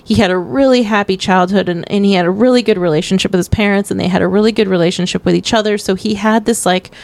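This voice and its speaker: A woman's voice: mid-range voice, fairly even intonation, quick pace, vocal fry, a little mellow, no echo. A woman co-hosting a podcast, chatting casually about a movie with many fillers and restarts. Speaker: podcast co-host.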